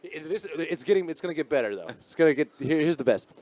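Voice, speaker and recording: A man's voice: on the high side, animated, quick pace, a little mellow, dry recording. A man co-hosting a podcast in a garage, telling stories in a rambling, profane, casual way. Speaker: podcast co-host.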